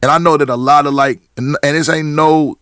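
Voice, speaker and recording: A man's voice: a little high, brisk, clear, resonant tone, no echo. Middle-aged man telling stories, dry sound. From Portland, Oregon. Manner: animated storytelling with many restarts and acted-out quotes. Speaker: podcast guest, rapper. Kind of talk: casual chat.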